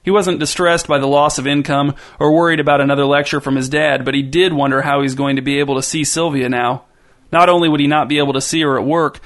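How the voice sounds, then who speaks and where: A man reading a story aloud as narrator, with even, wry narration. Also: fairly high pitch.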